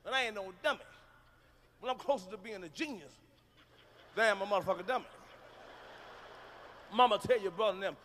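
Stand-up comic, male, high bright voice, brash and profane, live in a reverberant hall. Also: brisk, pauses often, a little hiss or hum. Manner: loud, profane, shouting punchlines. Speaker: stand-up comedian. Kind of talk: stand-up comedy routine. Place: large concert hall with audience.

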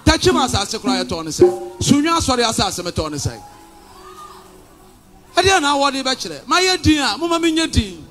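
A male pastor with a Ghanaian accent preaching a combative sermon, shouting and sliding into sing-song phrases. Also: very high-pitched, big pitch swings, normal speed, soft background music. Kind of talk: fiery sermon.

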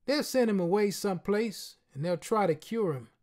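A man's voice: high voice, animated, normal speed, a little mellow, pitched above the performer's own voice. A man reading a short story aloud, voicing a jittery young man, a streetwise former drug user who talks in loose street speech. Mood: resigned. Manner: street-talking, wheedling.

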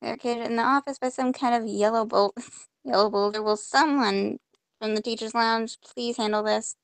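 A woman's voice: on the high side, steady tone, normal speed, vocal fry, dry recording. A woman playing a point-and-click game, reading the on-screen text aloud and reacting with mock frustration as she goes. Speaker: gamer. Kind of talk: casual let's-play commentary.

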